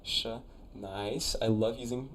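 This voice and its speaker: A college student streaming live speaks slowly in a lowish, somewhat bright voice with fairly even intonation. In a relaxed, chatty manner he reads viewers' chat out loud and sounds out words from their conlangs, slight background noise audible.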